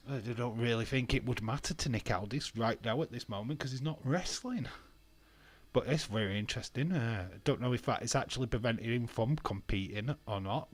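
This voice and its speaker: A young man casually chatting on a live stream, reading out viewer comments, laughing often and swearing now and then. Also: medium pitch. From England.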